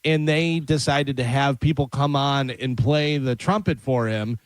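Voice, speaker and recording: A man co-hosting a radio talk show, chatty and quick to laugh as he tells stories. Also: medium pitch, steady tone, clear, resonant tone, dry recording. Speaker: radio co-host. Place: radio studio.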